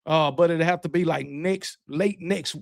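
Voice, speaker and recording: A man with a Southern drawl talks in a fairly high voice, rambling and trash-talking at an easy, loose pace. It is casual livestream chat, recorded close on a dry mic with no room sound. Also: fairly even intonation, measured pace, creaky, no room sound. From Alabama, US. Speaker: host of a fan livestream show. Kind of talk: casual livestream chat, reading super chats.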